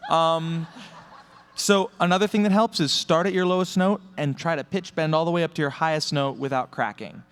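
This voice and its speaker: A man speaking as a singer on a convention panel, animated and jokey. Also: fairly high pitch, moderate pace, clear, resonant tone. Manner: animated, jokey, demonstrating vocal tricks. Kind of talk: casual panel talk. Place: convention hall stage.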